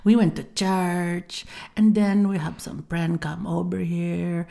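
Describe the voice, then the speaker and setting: A woman imitating her retired father in his seventies, a quiet, joking man who talks slowly and politely. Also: sits high, little pitch movement, vocal fry, exaggerated voice. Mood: chatty. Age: 70s.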